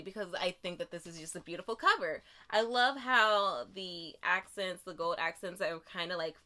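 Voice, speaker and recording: A woman's voice: mid-range voice, sharp tone. A young woman vlogging about books, unboxing a book box and gushing with emotion, dropping to whispers and rising to squeals. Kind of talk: excited unboxing vlog.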